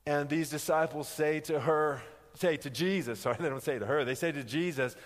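A male preacher delivering an animated sermon, his voice sitting a little high for a man. He acts out the quoted lines and slows down on key words, often restarting his sentences. A long reverb hangs on every word, as in a large hall. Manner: animated storytelling, acting out quoted lines with rising pitch; frequent restarts, slows down for emphasis.

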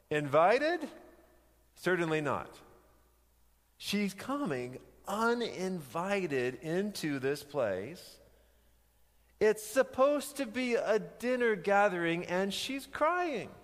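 Man preaching slow, kinda high voice, lots of rhetorical questions, big echoey hall. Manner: conversational teaching, rhetorical questions, emphatic. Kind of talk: sermon. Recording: long hall reverb.

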